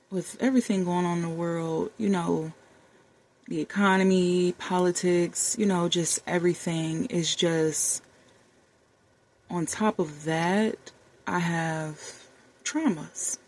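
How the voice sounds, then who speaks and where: A woman's voice: on the low side, darkish tone. A woman in her thirties talking candidly to camera in a heartfelt, conversational way, calling her viewers y'all and baby. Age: 30s. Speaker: vlogger. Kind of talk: candid personal talk to camera. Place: warm room with the air conditioner running.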